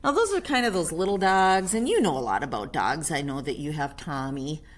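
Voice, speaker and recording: A woman reading a picture book aloud to a child on camera, animated, with chatty whispered asides. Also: low-pitched, a little fast.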